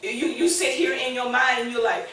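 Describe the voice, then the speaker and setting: A woman's voice: a little high, normal speed, fairly bright tone, slight background noise. Woman preacher in her sixties, echoey church. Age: 60s. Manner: conversational preaching, rising to emphatic declarations. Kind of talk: sermon with call-and-response. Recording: echoey church room, mic far off.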